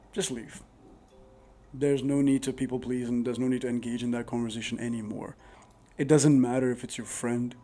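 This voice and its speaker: Speaking to viewers about how to handle arguments, a vlogger delivers a casual advice monologue to camera in a warm, relaxed, medium-pitched voice. He's earnest and rambling, with lots of "like" fillers, recorded on a new dedicated microphone.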